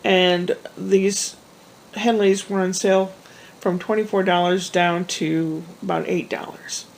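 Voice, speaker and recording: A woman with a gravelly, fry-tinged voice talks straight to camera, telling a winding personal story. She wanders into asides and restarts her sentences in a relaxed, conversational way. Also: on the low side, slow pace, rough recording. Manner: rambling, chatty, with frequent restarts and asides. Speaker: vlogger. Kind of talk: casual storytelling monologue.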